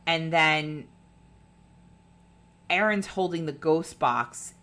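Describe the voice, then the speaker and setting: A woman with a low voice co-hosts a podcast in easy, casual chat. She retells a ghost-hunting show with plenty of swearing and acts out what the people in it said. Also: very slow, fairly bright tone. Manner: chatty, swearing, acting out quotes. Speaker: podcast co-host.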